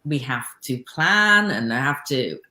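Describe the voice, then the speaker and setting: Woman host, really low voice, echoey room, thoughtful and encouraging, laughs softly. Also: expressive, slow. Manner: affirming, thoughtful, gently laughing. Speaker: host, Alexander Technique teacher. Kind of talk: conversational podcast interview.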